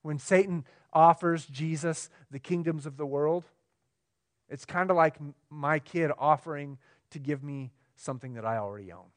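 A pastor preaching a sermon, swinging between emphatic, raised lines and quiet, low ones, often checking in with the congregation. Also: male voice, moderate pace. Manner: asks the room questions, conversational.

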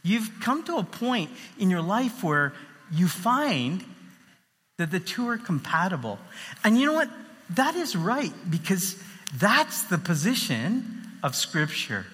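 A man's voice: sits high, sing-song, slow, fairly bright tone, breathy edge. A man preaching a sermon in a loose, conversational way with many fillers. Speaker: pastor. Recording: long hall reverb.

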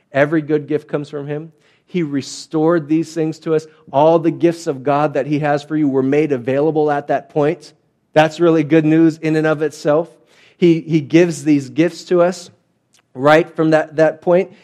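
A man's voice: fairly high pitch, darkish tone. A man preaching a sermon as a pastor, telling the story in a chatty way and acting out the quotes.

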